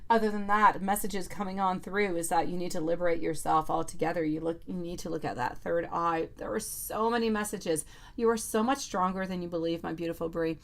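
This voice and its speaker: A woman's voice: fairly low pitch, steady tone, a little fast, vocal fry. A woman giving a live tarot reading and answering viewers in chat, affectionate, calling them sweetie and lovely. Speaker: tarot reader.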